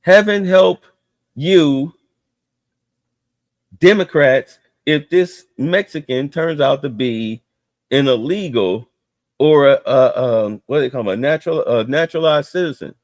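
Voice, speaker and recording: A man's voice: fairly high pitch, a little slow, dry recording, clean studio sound. A man streaming heated, profane political commentary with a mocking edge.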